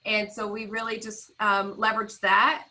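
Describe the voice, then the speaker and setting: A woman's voice: medium pitch, level tone, normal speed, bright, forceful tone, poor audio. A woman guest on a video-call interview, telling her story with enthusiasm. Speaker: guest, podcast founder.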